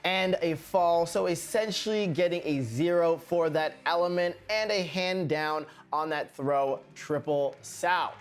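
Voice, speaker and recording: A man hosting a figure skating recap show, commentating over highlights in a lively, playful way. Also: measured pace, hardly any pauses, clear, resonant tone, soft background music. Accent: put-on British accent. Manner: playful, chatty sign-off with a put-on accent.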